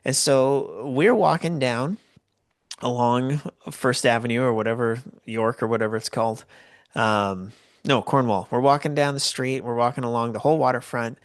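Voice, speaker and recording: A man's voice: mid-range voice, steady tone, moderate pace, no room sound, clean studio sound. A Canadian man hosting a podcast, telling a story casually and rambling with lots of fillers and restarts. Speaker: podcast host.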